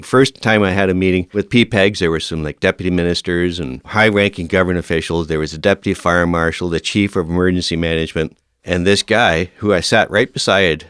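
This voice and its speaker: A man's voice: low-pitched, clear, resonant tone, no echo, studio quality. A man in his fifties, a veteran firefighter and podcast guest, telling stories in a casual interview and acting out the dialogue. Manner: lively storyteller who acts out quoted dialogue.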